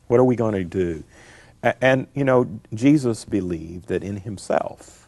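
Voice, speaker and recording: A man's voice: on the low side, lively intonation, a little slow, creaky, darkish tone, no echo. A middle-aged man, a scholar answering interview questions in an emphatic, lecturing way, repeating his key phrases. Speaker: guest scholar.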